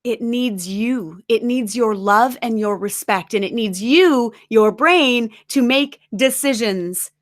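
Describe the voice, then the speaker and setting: A woman giving an encouraging, emphatic webinar talk as a nutrition coach, at times guiding a slow breathing exercise. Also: on the high side, fairly bright tone.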